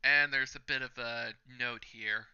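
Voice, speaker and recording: A man's voice: mid-range voice, fairly even intonation, unhurried, smooth, highs cut off. A man hosting a reaction channel, reading a manga chapter aloud panel by panel with his own commentary and chuckling at the jokes. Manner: narrates panel by panel, reading lines out loud.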